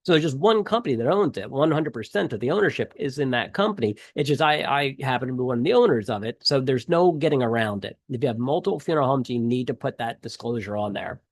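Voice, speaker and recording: A middle-aged man walks students through an exam review in a loose, talky way, stopping for "um" and "you know" and rephrasing as he goes. His voice sits at an ordinary pitch for a man. The recording is dry and close, with no room sound. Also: lively intonation, fast, hardly any pauses, dry recording. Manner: conversational, many fillers and restarts. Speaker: instructor.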